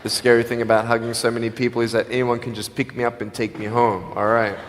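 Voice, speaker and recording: A man's voice: mid-range voice, level tone, fast talker, slight background noise. Motivational speaker man in a reverberant hall. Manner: storytelling with humor, swings loud and soft. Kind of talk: motivational speech to students.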